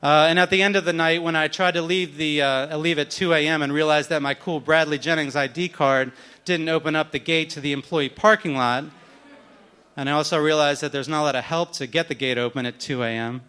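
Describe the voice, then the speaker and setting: A man's voice: on the high side, steady tone, a little fast, pushed and bright, clean tone. A man in his thirties telling a wry, self-deprecating story on stage at a live event, acting out the other people in it.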